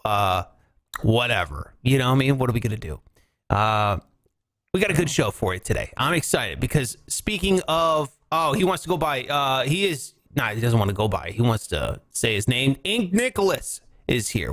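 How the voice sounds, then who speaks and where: A man hosting a casual morning talk show, loud and excitable, rambling as he chats with his co-host. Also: mid-range voice, no echo. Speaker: podcast host.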